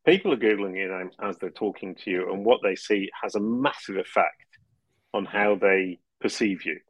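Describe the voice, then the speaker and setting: With a lowish voice at normal speed, this podcast guest explains things at length in a casual interview chat. He laughs a lot and restarts his phrases, and the audio is dull with no echo.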